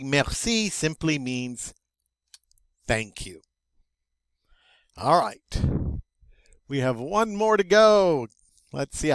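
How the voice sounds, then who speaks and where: An older man teaching a French vocabulary review, slow and patient, with wry self-deprecating asides. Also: medium pitch, fairly bright tone, no room sound.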